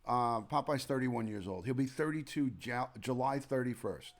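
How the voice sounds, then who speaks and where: A retired detective in his forties with a New York accent hosts a rambling late-night live stream from home. His medium-pitched voice moves at normal speed as he chats casually and greets viewers by name.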